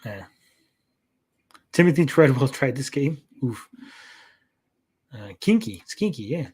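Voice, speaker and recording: A man in the middle of an easygoing gaming chat show, his pitch sitting right in the ordinary male range. He rambles along with plenty of "uh" fillers, stumbles and repeats words, and tosses off the odd casual swear as he reacts to comments. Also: big pitch swings, unhurried, darkish tone, breathy edge. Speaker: podcast host.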